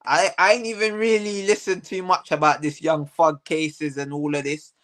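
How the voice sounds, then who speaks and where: A man's voice: on the high side, little pitch movement, moderate pace, fairly bright tone. Man, heated ranting, repeats lines, slangy commentary host. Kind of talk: casual commentary.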